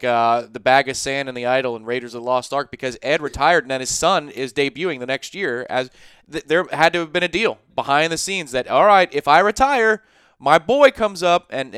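A man co-hosting a sports talk podcast, chatty and animated, spinning stories and asides. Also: a little high, smooth, dry recording, studio quality.

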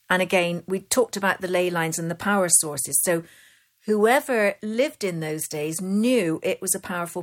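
A woman from Bristol with a Bristol accent, a poet telling local legends as an interview guest, talking quickly and chattily. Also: fairly low pitch, fairly bright tone. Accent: Bristol English. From Bristol, England. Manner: quick, chatty, laughs easily. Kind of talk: casual storytelling chat.

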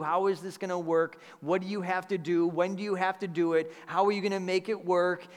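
A man's voice: fairly high pitch, fairly bright tone. Man preaching in a reverberant church. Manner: earnest, conversational preaching with repeated phrases. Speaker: pastor. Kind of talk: sermon. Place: church sanctuary. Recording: long hall reverb.

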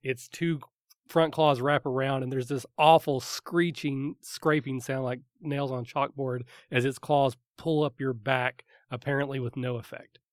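A man's voice: mid-range voice, fairly even intonation, measured pace, no echo. A man narrating a tabletop game as game master. He describes the action vividly, with a few fillers along the way. The recording is dry and close.

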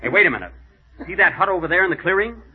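A man hosting and starring in a 1930s radio comedy sketch, with indignant, deadpan comic timing. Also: high-pitched, racing, phone-quality sound. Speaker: comedian host. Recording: scratchy 1930s radio broadcast.

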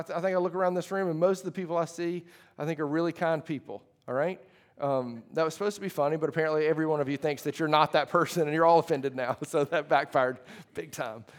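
Lively conversational male preacher. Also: on the high side. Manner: conversational, with frequent restarts and asides. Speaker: pastor. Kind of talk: sermon. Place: church hall before a congregation.

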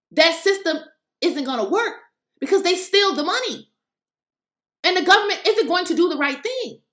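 A woman delivers impassioned political commentary with a high, bright voice that swings widely in pitch. She is emphatic and preachy, hammering points home and addressing viewers directly. Her voice rings off an echoey room. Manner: emphatic, repeats points for stress.

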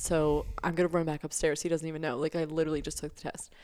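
A woman's voice: low voice, little pitch movement, quick pace, mellow, clear, resonant tone. A young woman co-hosting a podcast, telling a story in a chatty way with lots of fillers. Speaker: podcast co-host. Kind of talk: casual chat.

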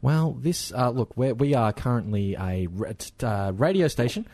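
A man's voice: mid-range voice, lively intonation, moderate pace, dark tone, dry recording. A man hosting a comedy show in playful, rambling, hesitant chat. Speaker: comedy podcast host.

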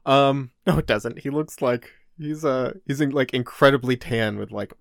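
A man's voice: medium pitch, moderate pace, gravelly, no room sound. Chatty man on a dry mic. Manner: chatty, laughs often, reads listener mail. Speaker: podcast co-host. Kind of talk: casual chat.

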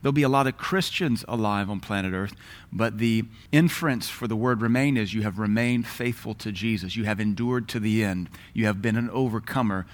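Earnest man teaching a Bible class. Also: fairly low pitch. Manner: earnest, emphatic, slows and lifts his voice when reading scripture.

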